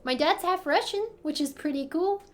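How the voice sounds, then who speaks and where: High-voiced chatty American woman streamer. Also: moderate pace. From United States. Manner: chatty, giggly, answers viewer questions. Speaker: livestream host answering chat. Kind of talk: casual live-stream chat. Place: apartment in Korea.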